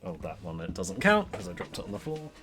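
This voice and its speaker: A man's voice: low voice, big pitch swings, quick pace, loud music behind the voice. A man playing a tabletop game, scheming and swearing with a joking tone. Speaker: player.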